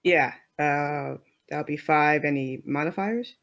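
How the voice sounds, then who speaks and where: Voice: medium pitch, takes it slowly, a bit bright. A tabletop role-playing game player who asks questions hesitantly and laughs often. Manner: giggly, hesitant. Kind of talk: casual tabletop play.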